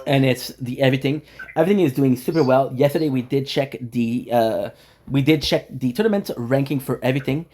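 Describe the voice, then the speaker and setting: A man's voice: mid-range voice, a little fast, a little mellow. A young man streaming a game from his apartment, rambling in casual chat to camera and joking with himself. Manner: rambling, jokey, talks to himself. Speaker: gaming streamer. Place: home apartment.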